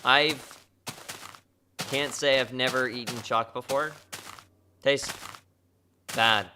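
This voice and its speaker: A man's voice: mid-range voice, steady tone, slow, background noise. A man live streaming a game, chatting casually and joking offhand in reply to his chat.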